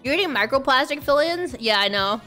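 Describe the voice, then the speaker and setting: A young woman hosting a casual live stream, excitable and joking as she talks to her chat. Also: high voice, brisk, soft background music. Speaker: streamer host.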